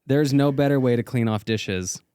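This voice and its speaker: A man co-hosts a podcast in casual banter, tossing out jokes and quick comebacks. His voice is smooth and resonant, and it is recorded dry, with no echo. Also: medium pitch, warm tone. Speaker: podcast co-host. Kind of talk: casual chat.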